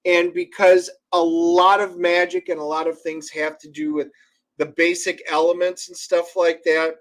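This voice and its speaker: Co-host, man, halting explainer with dry quips, a touch high in pitch. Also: little pitch movement, a bit bright. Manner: explains with restarts and fillers, dry one-liners. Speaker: comic co-creator and co-host. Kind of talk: casual livestream chat.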